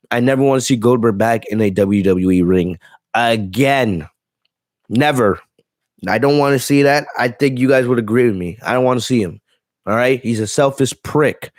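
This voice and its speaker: A man with a mid-range voice hosts a casual wrestling live stream, ranting bluntly with plenty of profanity and reading viewer comments aloud. The sound is clean and studio-like, with no echo.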